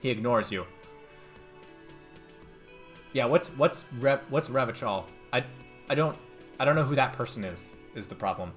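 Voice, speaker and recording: A man's voice: mid-range voice, animated, normal speed, fairly bright tone, faint music behind. A man casually commenting while playing a video game, joking at his own expense. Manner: casual, self-mocking. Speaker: let's play host. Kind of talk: gameplay commentary.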